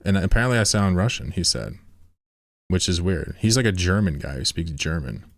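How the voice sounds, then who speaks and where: A man's voice: sits low, fairly quick, no echo, clean studio sound. A man streaming a game, chatting loosely with viewers, swearing and often laughing. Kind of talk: casual live-stream chat while gaming.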